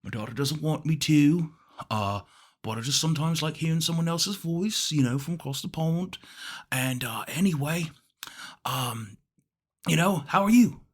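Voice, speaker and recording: A man putting on a lonely, rambling old man with a mock British accent who stammers and speaks softly. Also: a little high, normal speed, lightly acted. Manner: stammering, hesitant, soft-spoken.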